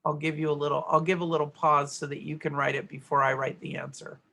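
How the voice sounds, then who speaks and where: A woman's voice: sits low, flat delivery, fast talker, gravelly, fairly bright tone. A middle-aged woman teaching a grammar worksheet lesson, explaining step by step and checking in with "right?".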